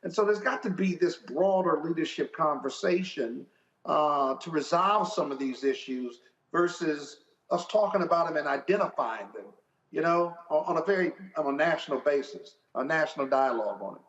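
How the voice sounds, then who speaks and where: A man speaking as a talk show guest in a deliberate way, searching for his words. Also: a little high, lively intonation, fairly bright tone. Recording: echoey, dull remote audio.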